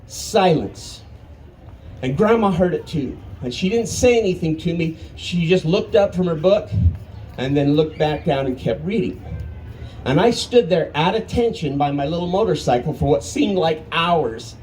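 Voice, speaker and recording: Man in his fifties, folksy storyteller with a mellow, fairly high voice, lively with dramatic pauses. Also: a little hiss or hum, poor audio. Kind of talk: live storytelling. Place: arts festival stage.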